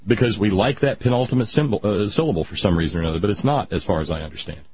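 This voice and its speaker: A man hosting casual radio talk who rants loudly and slips into nerdy asides. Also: fairly low pitch, very fast, husky. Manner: ranting, animated, nerdy asides. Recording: dull lo-fi radio sound.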